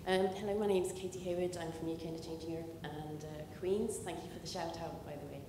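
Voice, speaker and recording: A low-voiced woman asks a measured question from the floor, using a handheld mic. The big hall adds heavy echo, with a noticeable rumble underneath. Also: fairly even intonation. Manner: measured, uses "um" fillers. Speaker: audience questioner, academic. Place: large lecture hall. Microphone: handheld audience microphone. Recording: boomy hall reverb with rumble.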